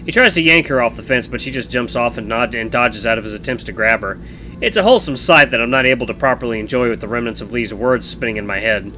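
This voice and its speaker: A man streaming a game, reading the narration of a visual novel aloud in an animated way. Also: medium pitch, fast, slight background noise, rough recording. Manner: animated reading with changing voices.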